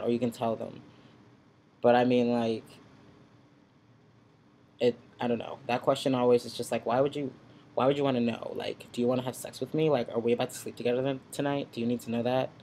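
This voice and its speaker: A man's voice: medium pitch, level tone, brisk, a little mellow, a little hiss or hum. A man ranting in a casual, sassy vlog, talking bluntly into his computer's webcam at home. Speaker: vlogger. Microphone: built-in computer webcam mic.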